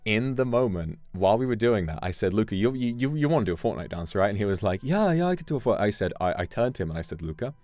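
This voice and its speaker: A man streamer chatting casually, telling an animated story with sudden jumps in pitch. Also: quick pace, hardly any pauses, dry recording. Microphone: streaming microphone. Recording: dry close mic, faint music behind.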